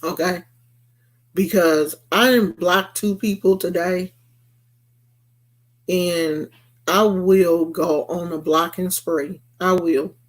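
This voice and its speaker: A woman's voice: on the low side, steady tone, slow pace, long pauses. A woman vlogger delivering a blunt, repetitive rant to her viewers. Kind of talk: emphatic rant to camera.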